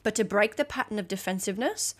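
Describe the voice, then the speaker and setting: A young woman talks straight to her listeners on her own podcast, blunt and emphatic, with plenty of casual swearing. She keeps checking in with a quick "okay?" as she drives each point home, in a voice of ordinary middle pitch. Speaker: podcast host. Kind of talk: solo motivational podcast talk.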